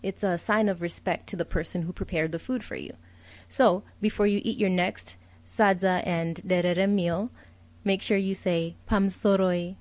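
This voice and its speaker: A young adult woman, a language teacher, teaches vocabulary with a lowish, steady, slightly dark voice at normal speed, and the recording has no room sound. She says each word carefully, then repeats it along with a translation, patient and clear throughout.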